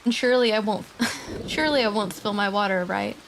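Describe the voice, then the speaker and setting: A woman streamer chatting casually and quietly with her viewers at her desk mic, laughing often and swearing now and then. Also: mid-range voice, fairly quick, gravelly, a little hiss or hum. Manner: soft-spoken, talking quietly. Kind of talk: casual livestream chat. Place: home streaming setup.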